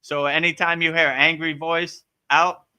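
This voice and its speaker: A man who is a spiritual teacher, hosting a live-stream Q&A in a casual, animated way and often asking "you know?" and "right?". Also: fairly high pitch, measured pace, smooth. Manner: acts out voices playfully.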